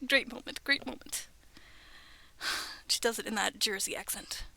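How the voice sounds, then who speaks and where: A woman's voice: fairly high pitch, moderate pace, creaky, bright, forceful tone. A young woman streaming from her bedroom, chatting in a rambling, giggly way that often drops to a whisper. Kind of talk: casual chat on a livestream.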